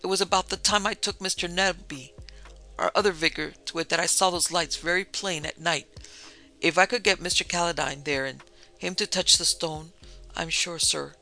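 A man reading aloud puts on an old country boatman in a storybook tale. He speaks quietly and slowly in rustic, superstitious turns of phrase, and his voice is slightly high, gravelly and bright. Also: fairly even intonation, faint music behind, heavily acted, poor audio. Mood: uneasy.

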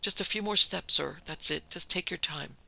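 A man's voice: a little high, normal speed, gravelly, sharp tone, no room sound, exaggerated voice, low-quality recording. A man voicing a terrified male ship steward who pleads frantically and breathlessly. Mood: anxious.

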